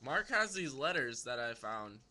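A young man talks to a home camera, reading letters aloud in a teasing sing-song. His voice is bright and tense, and his pitch swings widely. The recording carries a faint background hiss. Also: very animated, moderate pace. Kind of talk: casual comedic vlog.

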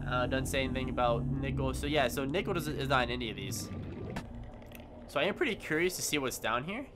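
This gaming YouTuber speaks fairly quickly at medium pitch, his intonation lively. He rambles casually about the game, restarting sentences with a stammer and yelping in panic when caught off guard, while game music runs in the background.

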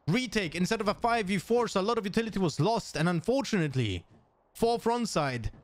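A man with a non-native English accent doing live esports play-by-play, excitable and thinking aloud with restarts. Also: sits high. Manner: excitable, jumps up to shouts on kills. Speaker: esports caster.

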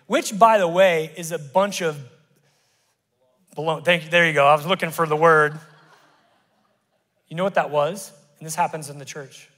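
Passionate pastor preaching in a reverberant hall. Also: male voice, a little high, normal speed. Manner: passionate preaching, swinging from loud to hushed. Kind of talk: sermon. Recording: live church hall reverb.

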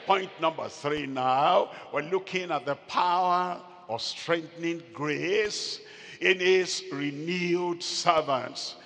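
A male pastor preaching a sermon, slow and emphatic, repeating phrases and calling out to the congregation. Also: on the high side, a bit bright. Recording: long hall reverb.

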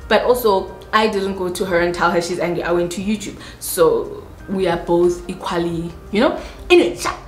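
A South African woman YouTuber telling a personal story in a dramatic, animated way, with sudden high-pitched asides. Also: normal speed, roomy sound, faint music behind. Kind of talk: storytime vlog.

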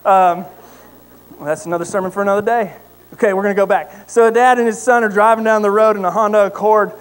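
A male pastor preaching in a church sanctuary, with a fairly high voice. He tells stories with animated emphasis and prays in a quieter tone. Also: fast talker, slight background noise, rough recording. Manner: animated storytelling, then quiet prayer. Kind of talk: sermon.

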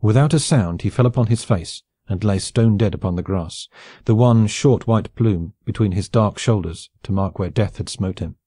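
Male audiobook narrator, measured storytelling, mellow tone, dry close recording. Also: fairly low pitch, dry recording. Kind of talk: scripted narration of a classic novel.

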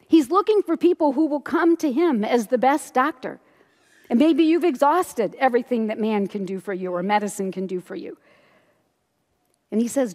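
Expressive woman preaching in a reverberant hall. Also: high voice. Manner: expressive storytelling, acting out quoted lines, laughing often. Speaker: pastor. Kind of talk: sermon. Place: large church hall.

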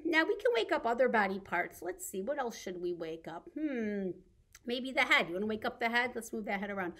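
Brisk and on the high side, a librarian voices a baby story time: a picture book read aloud, simple songs and animal sounds. Her manner is animated and sing-song throughout.

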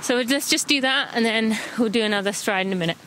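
A woman's voice: a little high, quick pace, a bit bright, slight background noise, rough recording. Chatty English woman guiding a run. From England. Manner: chatty and encouraging, gives stride countdowns. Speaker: running podcast host. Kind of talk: casual audio running guide. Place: walking outdoors.

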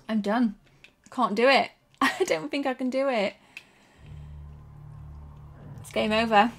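A young woman with a fairly high voice streams her gameplay live. She reacts in a jumpy, excitable way, swearing freely and gasping between quick remarks to her chat. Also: faint music behind. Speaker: streamer playing a retro shooter.

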